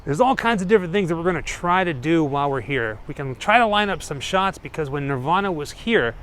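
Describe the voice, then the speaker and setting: Upbeat male vlog host, slightly high. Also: animated, brisk, fairly bright tone, a little hiss or hum. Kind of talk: casual vlog walkthrough. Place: outdoors on a studio lot, then inside a soundstage.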